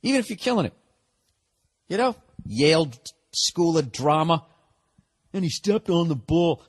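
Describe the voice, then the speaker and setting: A male comedian rants to his listeners in a casual, exasperated monologue. His voice sits fairly high for a man, and he swears freely as he talks. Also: big pitch swings, unhurried, long pauses, breathy edge. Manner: profane, exasperated ranting. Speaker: comedian podcast host.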